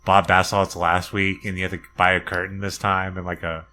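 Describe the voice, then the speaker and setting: A man's voice: sits low, little pitch movement, a little fast, sharp tone, slight background noise. A man in a casual podcast chat, talking in a laid-back way.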